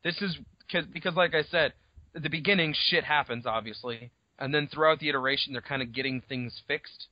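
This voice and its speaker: A man with a slightly high voice talks through a book with a friend in an easygoing, off-the-cuff way, cursing lightly as he goes. The sound is dull and lo-fi, with a dry, close feel. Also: dry recording. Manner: laid-back, swears casually, quick asides. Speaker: podcast co-host. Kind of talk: casual book discussion.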